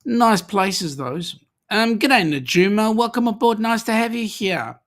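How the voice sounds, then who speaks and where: Speaking at a measured pace in a high, fairly bright voice, a middle-aged Australian man hosts a casual live stream. Chatty and full of jokes, he reads his viewers' comments out loud.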